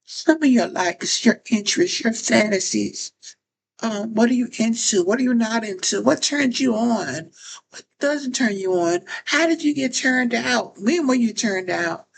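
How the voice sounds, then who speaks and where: A woman's voice: a little high, lively intonation, measured pace, vocal fry, breathy edge, poor audio. A woman giving casual talk-to-camera advice as a phone chat operator, often repeating phrases and restarting sentences.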